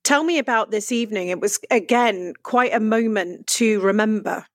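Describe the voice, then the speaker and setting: A woman interviewer who asks warm, emotionally open questions. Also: mid-range voice, normal speed, no room sound. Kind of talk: podcast interview.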